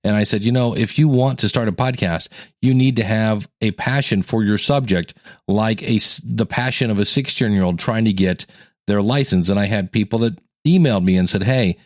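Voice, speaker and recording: A man hosting a teaching podcast in a casual, conversational way, acting out quotes with sudden jumps in pitch. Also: normal speed, no room sound, studio quality. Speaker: podcast coach and host.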